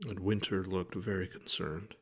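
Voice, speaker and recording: A man telling a personal story to the camera in a quiet, heavy way, halting often and restarting his sentences. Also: deep voice, steady tone, husky. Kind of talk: personal account told to camera.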